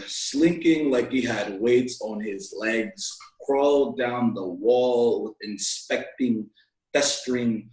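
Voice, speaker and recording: A man's voice: medium pitch, a little mellow. A man in his twenties from Alaska, a guest poet reading his poems with a rhythmic, playful delivery and chatting casually. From Alaska, USA. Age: 20s. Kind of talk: poetry reading and casual chat. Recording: echoey room.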